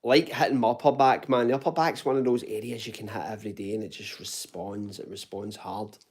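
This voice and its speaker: A man's voice: fairly low pitch, steady tone, fairly quick, slightly rough. A man from Glasgow with a toned-down Glaswegian accent, hosting a casual live fitness Q&A at home, chatty and informal, calling viewers mate and swearing now and then. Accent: Glaswegian Scottish, toned down. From Glasgow, Scotland. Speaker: fitness channel host answering live chat.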